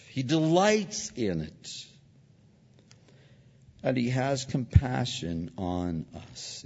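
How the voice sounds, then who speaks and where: A male pastor preaching a sermon, animated and acting out little voices from his stories. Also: medium pitch, slightly rough. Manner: animated, acts out voices in anecdotes. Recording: dull lo-fi audio with long hall reverb.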